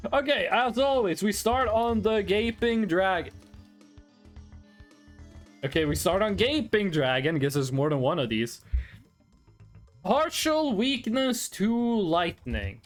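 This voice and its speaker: A casual live-stream talker reacting to chat, blunt and quick to swear. The voice sits in a middle register but swings up and down a lot. Soft music plays faintly behind. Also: medium pitch. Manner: animated, blunt, swears and laughs often.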